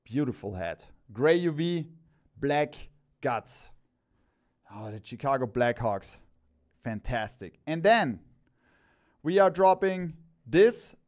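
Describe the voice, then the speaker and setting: A man hosting a live-stream product showcase, talking in an excited, enthusiastic and rambling way as he presents hats one by one. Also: fairly high pitch, slow, long pauses. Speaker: cap store host.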